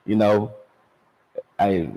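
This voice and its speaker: A man's voice: on the low side, steady tone, extremely slow, dark tone, poor audio. A football coach talking casually in an interview, telling stories and repeating "man" and "you know.". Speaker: high school football head coach. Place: outdoors at a stadium.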